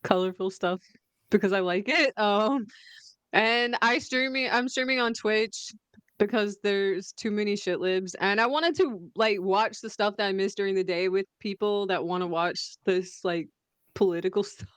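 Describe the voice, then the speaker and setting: A woman on a casual video-call panel, a streamer who talks in a halting, giggly way. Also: medium pitch, a bit bright, clean tone, dry recording. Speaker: guest, streamer.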